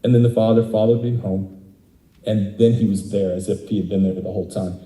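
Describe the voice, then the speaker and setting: A man's voice: on the low side, steady tone, a little fast, warm tone, echoey room, poor audio. A man giving a candid, conversational sermon as a guest speaker, laughing often as he talks. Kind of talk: interactive sermon. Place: church hall.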